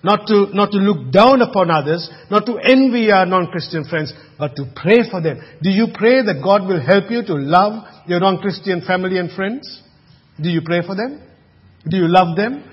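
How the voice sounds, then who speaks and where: A man preaching a sermon, moving between hushed, quiet passages and loud, emphatic ones. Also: high voice, breathy edge. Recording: lo-fi with long reverb in a hall.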